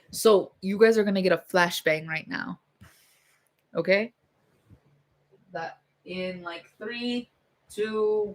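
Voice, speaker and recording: This young woman vlogs from home, rambling bluntly to her viewers and swearing freely as she talks to camera. Her voice sits in the middle range, and there's a slight hiss or hum on the recording.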